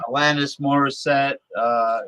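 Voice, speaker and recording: A man's voice: medium pitch, fairly even intonation, unhurried, clean tone, no echo, low-quality recording. Guy rambling on a talk show, kinda loses his thread, dry sound. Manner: loud playful calls to listeners. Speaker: show host. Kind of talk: casual chat.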